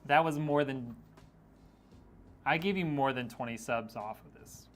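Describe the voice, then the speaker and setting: Streaming a PC build, a man with a medium-pitched voice chats casually at a measured pace. He jokes around, teases viewers as he reads their messages, and laughs often.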